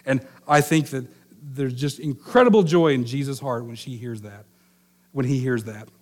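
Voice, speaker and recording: Middle-aged male pastor, chatty storytelling sermon, mid-pitched voice, acts out quoted lines. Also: moderate pace.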